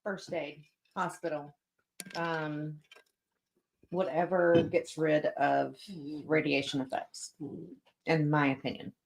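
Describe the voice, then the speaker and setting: A woman co-hosting a money show, chiming in quietly and playfully from a bit farther from the microphone. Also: sits low, steady tone, slow pace, creaky, pauses often. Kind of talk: casual studio chat.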